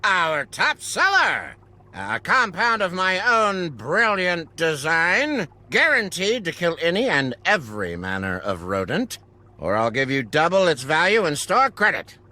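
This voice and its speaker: A man's voice: a little high, wildly swooping pitch, measured pace, sharp tone, full character voice. An actor playing a vain, haughty male alchemist who runs a shop in a game, with dismissive, theatrical outbursts. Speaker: alchemist shopkeeper. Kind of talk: video game voice acting.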